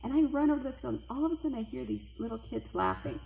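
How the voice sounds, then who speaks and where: A middle-aged woman telling a personal spooky story, lively and acting out the voices of the people in it. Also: fast, creaky, a little hiss or hum. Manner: animated, acts out quoted voices with big pitch jumps. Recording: echoey room with faint ambience.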